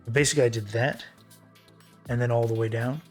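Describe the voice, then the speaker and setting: A man chatting casually to himself while building in a game, pausing to think and muttering his plans. His voice sits at a middle pitch, and faint music plays underneath. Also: steady tone. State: hiccuping. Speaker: streamer.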